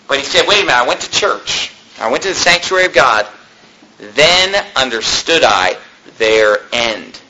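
High, lively-voiced man preaching a sermon. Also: a little hiss or hum, poor audio. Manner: paraphrases scripture in everyday words. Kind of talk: sermon with scripture reading.

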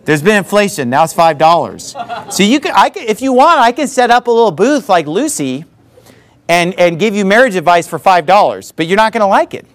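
A man's voice: high voice, sing-song, a little fast. A man preaching a sermon in an emphatic, conversational way, full of repeated asides. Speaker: pastor.

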